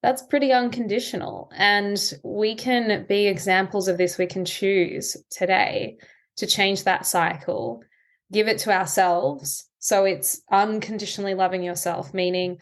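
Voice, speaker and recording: A woman anxiety coach, a podcast guest, explaining ideas in a calm, reflective way. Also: mid-range voice, unhurried. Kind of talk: conversational interview.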